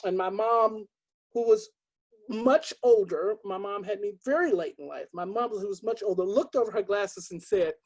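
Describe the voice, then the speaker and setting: An older woman, a choral music professor, telling a personal story on a video call, halting and earnest with many ums. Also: medium pitch, animated, darkish tone.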